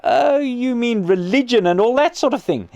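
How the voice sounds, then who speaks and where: A man's voice: very high voice, lively intonation, normal speed, creaky, darkish tone, no room sound, highs cut off, pitched above the performer's own voice, exaggerated voice. A man reading aloud and voicing a grieving, possessive ghost mother who snaps and demands indignantly. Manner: petulant, snapping, indignant.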